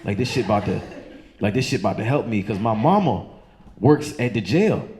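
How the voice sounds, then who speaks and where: A man from doing loose, profane stand-up storytelling on a comedy club stage, jumping into high squeaky voices for the people in his story. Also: animated, fairly quick, a little mellow. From Chesterfield County, Virginia.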